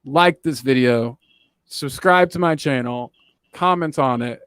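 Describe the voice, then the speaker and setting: A man's voice: medium pitch, unhurried, a bit bright, clear, resonant tone, no echo, clean studio sound. A young man hosting a casual chat, joking and teasing in a playful, self-mocking way. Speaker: podcast host.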